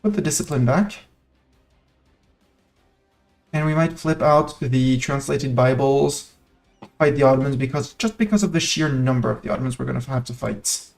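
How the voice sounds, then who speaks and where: A man's voice: mid-range voice, normal speed, vocal fry, long pauses, a little mellow, soft background music. A man giving casual live commentary on a strategy game he is streaming, thinking aloud and playfully talking to the nations on his map.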